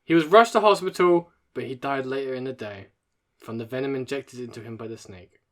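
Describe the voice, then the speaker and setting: A man's voice: mid-range voice, brisk. A man co-hosting a podcast, telling news stories in casual chat, swearing often and laughing through them. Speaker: podcast co-host.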